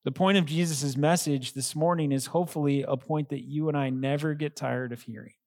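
A man, a pastor, preaching a sermon in an earnest, emphatic way, slowing down to stress key phrases. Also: on the high side, dry recording.

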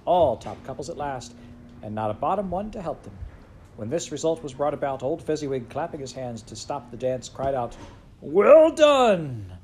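A man reading a classic story aloud in an expressive way, with big swings in loudness and pitch. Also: a little fast, a little hiss or hum. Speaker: storybook reader.

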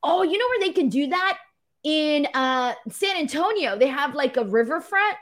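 A woman's voice: high-pitched, expressive, moderate pace, a bit bright. A woman co-hosting a casual wrestling podcast, reading viewer comments aloud and laughing often. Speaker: podcast co-host.

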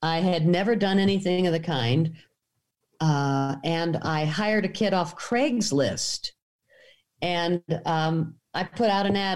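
A woman filmmaker telling a story in conversation, acting out the dialogue with animated pitch jumps. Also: a little slow. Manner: animated, acts out quoted dialogue. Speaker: documentary filmmaker.

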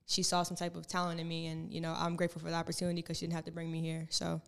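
A young woman, a college basketball player, answering interview questions in a calm, reflective way with many filler words. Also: low voice, rapid-fire, vocal fry, clean tone. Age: young adult. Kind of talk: casual interview.

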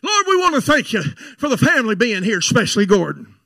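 A pleading, fervent older mother prays aloud for her son, as a male preacher puts her on. The voice sits very high and sounds bright and tense, with a gravelly edge. It is recorded close and dry. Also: wildly swooping pitch, a little fast, dry recording, full character voice. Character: praying mother, older woman, earnest and pleading.

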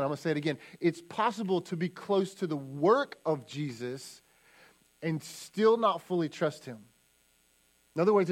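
Emphatic male pastor preaching. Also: high voice. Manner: emphatic preaching, repeats key lines, acts out quotes. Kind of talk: sermon.

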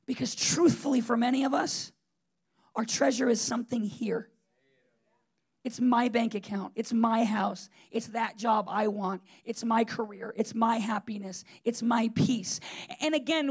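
A man's voice: very high voice, normal speed, breathy edge. A man preaching a sermon in a conversational, emphatic way, with frequent fillers and restarts.

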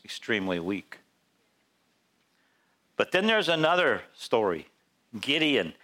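A male pastor preaching a sermon in church, telling Bible stories in an animated way and acting out the characters' voices. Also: medium pitch.

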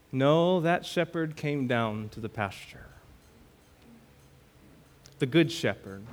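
A man preaching a sermon as pastor, reading scripture aloud and repeating key words with emphatic swings between loud and quiet. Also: medium pitch. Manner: slow, emphatic preaching with dramatic swings in loudness.

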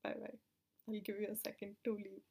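A woman's voice: mid-range voice, little pitch movement, fairly quick, a little mellow, breathy edge. A young woman rambling to her viewers, out of breath, giggling, swearing freely and sometimes dropping into a whisper. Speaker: vlogger. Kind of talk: rambling casual monologue.

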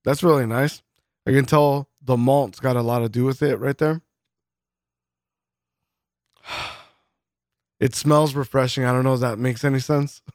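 Man, podcast co-host, relaxed beer-tasting chat, curses casually, dry close sound. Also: mid-range voice, unhurried, long pauses, dry recording. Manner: laid-back, swears casually, laughs often.

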